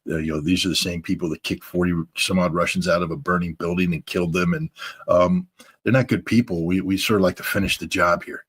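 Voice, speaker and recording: A man mimicking a calm, weary world leader in a deadpan, mock-reasonable tone. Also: deep voice, fast talker, slightly rough, pitched below the performer's own voice.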